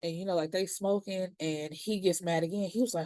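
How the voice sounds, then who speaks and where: A woman recaps a TV episode in a relaxed, slangy way and acts out the characters' lines as she goes. Her voice sits fairly low and sounds warm and mellow. The recording is dry and close, with no room sound. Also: a little fast, dry recording. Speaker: TV series reviewer.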